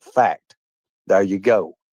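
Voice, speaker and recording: A man's voice: low voice, slow, a little mellow, no room sound, highs cut off. A man hosting a live stream, ranting combatively and swearing heavily, often repeating himself and addressing his chat directly. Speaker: livestream host. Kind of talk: profane live-stream rant.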